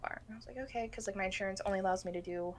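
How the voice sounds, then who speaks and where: A woman's voice: medium pitch, very fast. Young woman, podcast co-host, chatty storyteller who curses a lot. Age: young adult. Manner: animated, swears a lot, acts out quoted people. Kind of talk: casual storytelling chat.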